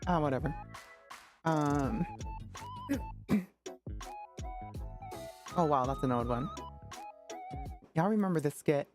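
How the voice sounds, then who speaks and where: A woman streamer talks casually to her chat in a relaxed, unhurried way. She is playful and self-mocking, often teasing herself. Faint music plays quietly behind her. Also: low-pitched.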